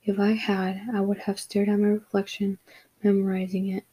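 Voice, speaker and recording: A woman narrating a story in a steady, even reading voice. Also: medium pitch, moderate pace, husky, poor audio. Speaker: audiobook narrator. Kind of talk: scripted narration.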